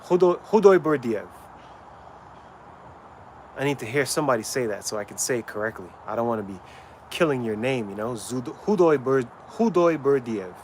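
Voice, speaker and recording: A man's voice: medium pitch, animated, moderate pace, darkish tone, a little hiss or hum. A man livestreaming while training, chatting casually with viewers and stumbling over names as he asks questions.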